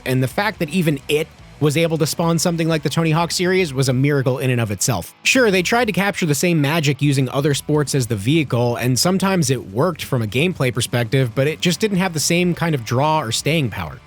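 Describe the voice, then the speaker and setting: A man's voice: fairly high pitch, expressive, brisk, soft background music. A young man giving scripted, sarcastic commentary as a video game reviewer, with crude jokes.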